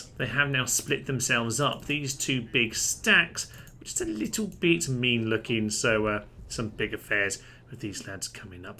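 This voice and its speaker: A man's voice: mid-range voice, pushed and bright. A man giving chatty, wry commentary as host of a strategy game playthrough. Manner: chatty, wry, dry humour. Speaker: let's play host.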